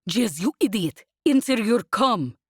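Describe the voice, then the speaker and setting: A woman plays a frantic, urgent woman speaking over a comm, sounding commanding and pressing. Her medium-pitched voice moves with lively intonation at a moderate pace, pitched a bit above her own natural voice yet still close to an everyday register, with studio-quality sound and no echo.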